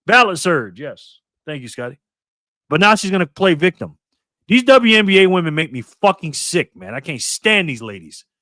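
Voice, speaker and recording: Fifties guy from new york state ranting mad on his live show, swears a ton, kinda high voice, dry sound. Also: fairly bright tone, no room sound. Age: 50s. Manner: angry, profane ranting. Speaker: livestream host. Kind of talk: live political commentary.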